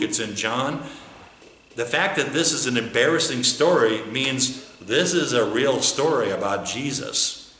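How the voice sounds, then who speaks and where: A man's voice: mid-range voice, a bit bright. A male pastor preaching a conversational sermon, full of rhetorical questions. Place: church. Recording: echoey church sanctuary.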